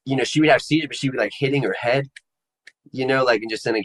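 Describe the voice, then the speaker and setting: A man telling his personal story to an interviewer in a casual, halting way, searching for the right words. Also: medium pitch, steady tone, a bit bright, rough recording. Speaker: interview guest. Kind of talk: personal testimony in casual conversation.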